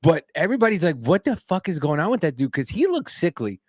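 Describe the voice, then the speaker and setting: A man's voice: on the high side, very animated, quick pace, dry recording, studio quality. A man co-hosting a podcast over an online call, chatting loosely with many fillers and restarts. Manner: rambling, loose, full of fillers. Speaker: podcast co-host. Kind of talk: casual chat.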